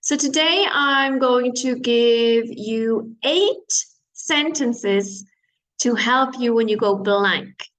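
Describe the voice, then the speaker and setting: A woman teaches an online exam-prep lesson in a fairly high voice. She explains slowly and repeats each phrase so that students can follow. She stops now and then to gloss a word. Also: a bit bright, poor audio. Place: based in Spain.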